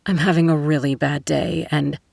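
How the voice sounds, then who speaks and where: A flustered, apologetic man, as voiced by a woman narrator who trips over his words. He stays low and near the storyteller's own dark voice. Dry, close recording. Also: steady tone, moderate pace, creaky, no room sound, exaggerated voice.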